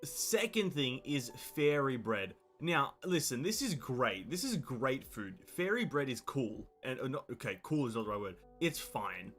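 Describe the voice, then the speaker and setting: A man's voice: mid-range voice, sing-song, measured pace, hardly any pauses, fairly bright tone, soft background music. An Australian man, a game streamer, chatting casually on a live stream in a blunt, profane, opinionated and rambling way.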